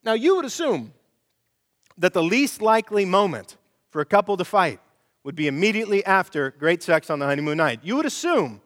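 A middle-aged male pastor preaching a sermon, animated and storytelling, acting out quoted voices. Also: high voice, long reverb tail.

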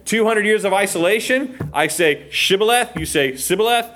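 Man, American accent, animated Bible teacher, fairly high voice, acts out quotes, keeps asking okay. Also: normal speed.

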